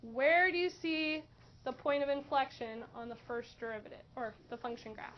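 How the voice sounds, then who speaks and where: Woman math teacher in class, bright high voice, muffled recording. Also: moderate pace. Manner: questioning, encouraging students. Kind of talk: classroom lesson. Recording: dull lo-fi classroom recording with faint noise.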